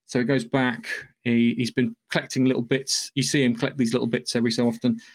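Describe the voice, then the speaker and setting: A man's voice: medium pitch, flat delivery, fast talker. A man hosting a podcast, giving a loose, profane, rambling recap of a film's plot in casual chat. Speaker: podcast host.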